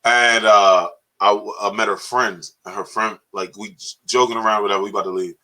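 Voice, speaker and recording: A man co-hosting a comedy podcast, telling stories in a profane, animated way and laughing often. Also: on the low side, a little fast. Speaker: podcast co-host. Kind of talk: casual comedic banter.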